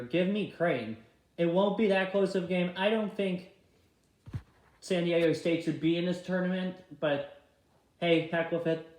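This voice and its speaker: A young man casually talking through his tournament bracket picks, chatty and quick, often apologizing for misclicks on his tablet. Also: high-pitched. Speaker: vlogger filling out a tournament bracket. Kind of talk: casual bracket-pick commentary. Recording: echoey room sound.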